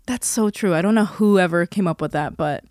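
A woman's voice: lowish voice, brisk, a little mellow, no echo, clean studio sound. A young woman co-hosting a podcast in casual chat, talkative and laughing often. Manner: chatty, laughs often, many fillers. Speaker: podcast co-host.

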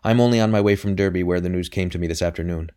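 A distraught man bringing bad news, urgent and agitated, as the deep-voiced reader plays him. He sounds low and pressed. It is an emotional storybook reading. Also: racing, mellow, clear, resonant tone, close to an everyday voice.

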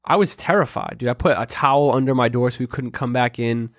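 A young man with a middle-range voice tells a story in lively, animated fashion. He keeps checking in with his listeners along the way. The sound is dry and close, with no room echo. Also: medium pitch, fast. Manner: animated storyteller, says "right?" and "dude" often. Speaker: podcast co-host. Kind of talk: casual chat, storytelling.

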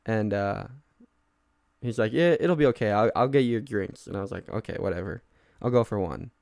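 A man's voice: lowish voice, normal speed, gravelly, a little mellow, no room sound, clean studio sound. A young man chatting casually on a podcast, rambling and self-mocking, laughing often. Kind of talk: casual chat.

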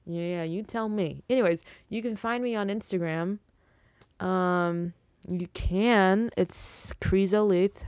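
A woman's voice: mid-range voice, slow, a little mellow, no echo. A young woman giving a casual, rambling faith talk, preachy with joking asides, ending in a spoken prayer. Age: young adult. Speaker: Christian vlogger.

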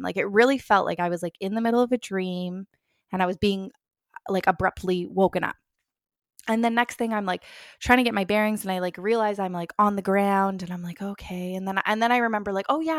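A woman's voice: medium pitch, a bit bright, no room sound, clean studio sound. A young woman telling a personal story in a casual, chatty way, full of filler words and acting out her own past thoughts. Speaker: vlogger.

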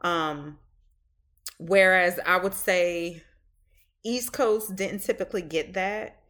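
A woman's voice: on the low side, fairly bright tone. A woman with a Southern US accent, hosting a podcast in a rambling, chatty monologue full of fillers. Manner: rambling and chatty, many fillers, drawn-out phrases. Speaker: podcast host. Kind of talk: casual monologue.

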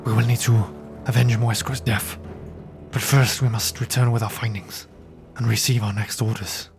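A man's voice: medium pitch, flat delivery, normal speed, soft background music, close to an everyday voice. A man doing a stern, commanding cult leader. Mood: grave. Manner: commanding and grave. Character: stern red-eyed male cult leader.

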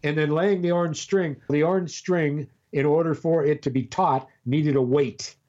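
A man's voice: fairly high pitch, fairly even intonation, a little mellow, dull audio. Rambling older man telling a story. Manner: rambling, storytelling with halting restarts. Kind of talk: casual chat on a call.

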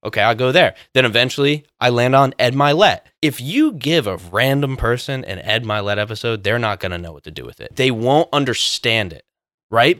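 A man's voice: mid-range voice, a bit bright, no room sound, clean studio sound. A man in a casual podcast chat who talks bluntly and emphatically and swears freely.

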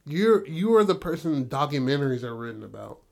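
A man's voice: big pitch swings, a little fast, creaky, a little mellow. A man voicing an anxious, panicky teenage boy, raising his voice slightly and talking in slang. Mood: accusing. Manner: pitched up, agitated, slangy.

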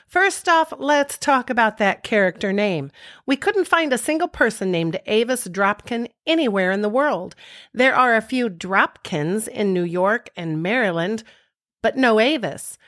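A woman's voice: fairly high pitch, expressive, a little slow, fairly bright tone. A woman co-hosting a podcast, narrating the scenes of a sitcom episode matter-of-factly. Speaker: podcast co-host and describer.

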